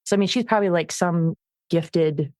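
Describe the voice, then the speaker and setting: A woman co-hosting a podcast as a dog trainer, chatting casually and telling animated stories about her dog. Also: on the low side, moderate pace, no room sound, studio quality. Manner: animated storytelling, acts out her dog's voice. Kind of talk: casual chat.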